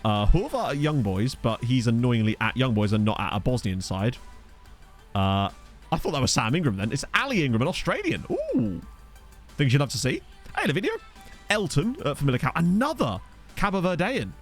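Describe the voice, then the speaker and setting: A young man giving casual, joking commentary over a football management game, reacting with quick exclamations. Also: medium pitch, huge pitch swings, soft background music. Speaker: gaming video host. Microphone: desk USB microphone.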